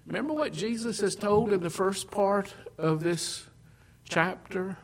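A man delivers a sermon at an unhurried, deliberate pace. His voice sits a little high and moves between loud declarations and hushed, almost whispered lines. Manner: slow, deliberate phrasing. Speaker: preacher.

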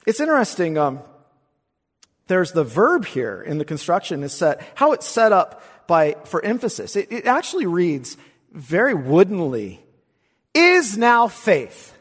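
A pastor preaching an expository sermon in a church, swinging between emphatic lines and hushed asides and asking rhetorical questions. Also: male voice, on the high side, big pitch swings, normal speed, breathy edge, in a large hall. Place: church sanctuary.

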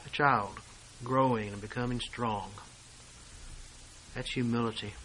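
A man preaching a sermon, reading and explaining scripture verse by verse and swinging between hushed asides and loud declarations. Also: mid-range voice, steady tone, a little slow, slight background noise, rough recording.

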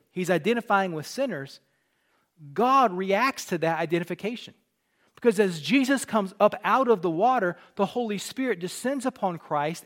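A man's voice: high voice, fairly bright tone. A man preaching a sermon, explaining scripture in an earnest conversational way and rising to emphatic peaks on key points.

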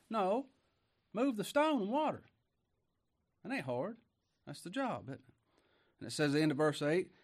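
A man's voice: on the high side, very animated, moderate pace. Fervent preacher man. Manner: plain-spoken, fervent, rising to loud emphasis on scripture. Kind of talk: sermon.

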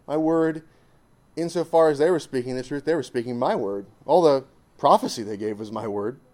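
A man delivering a sermon to a church assembly, reading a passage of scripture and then driving its point home. He talks with forceful emphasis that rises loud and drops to hushed asides, at an ordinary middle pitch for a man. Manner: emphatic, pushing the point hard, swinging between loud and hushed. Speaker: preacher addressing a church assembly.

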